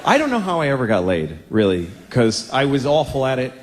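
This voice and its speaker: A man's voice: mid-range voice, huge pitch swings, brisk, big-room sound, a little hiss or hum. A man in his forties doing a stand-up routine, crude, rambling and self-deprecating. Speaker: stand-up comedian.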